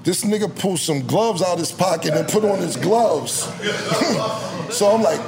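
Laughing New rapper telling a story. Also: male voice, high voice, a little slow, a loud crowd. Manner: laughs through his lines, swears freely, slangy. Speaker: rapper guest. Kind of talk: animated anecdote telling.

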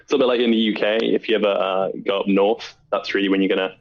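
Low-voiced man, lo-fi. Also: fairly even intonation, fast talker. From southeast England. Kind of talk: casual chat. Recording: slightly dull lo-fi sound.

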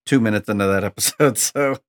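A man's voice: fairly low pitch, fairly quick. A man co-hosting a casual movie podcast, chatting in an easygoing way. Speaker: podcast co-host.

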